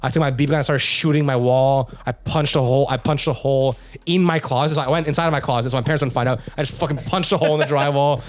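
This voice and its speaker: A young man co-hosting a podcast, talking casually and swearing a lot as he tells a story in quick bursts. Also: mid-range voice, steady tone, dry recording. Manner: profane, fast bursts of storytelling. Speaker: podcast co-host. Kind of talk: casual chat.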